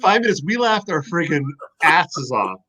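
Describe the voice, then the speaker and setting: A man, a former football player, telling stories in a casual podcast chat, animated and profane. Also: fairly high pitch, normal speed, rough recording.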